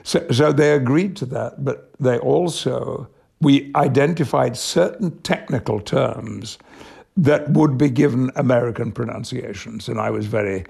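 Older man, gravelly, husky, measured storyteller. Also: mid-range voice, darkish tone. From Yorkshire, England. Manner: measured storytelling with frequent chuckles. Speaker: actor, interview guest. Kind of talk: conversational anecdote.

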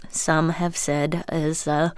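A woman comedian and voice actor from Minnesota, chatting in an interview, self-deprecating and full of fillers, with a high, childlike voice. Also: flat delivery, slow pace, smooth, no room sound, studio quality. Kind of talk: casual interview chat.

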